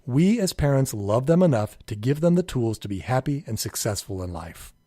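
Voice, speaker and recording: Earnest man narrating a parenting course. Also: normal speed. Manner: calm, earnest, acts out children's pleas in a higher voice. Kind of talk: scripted instructional narration.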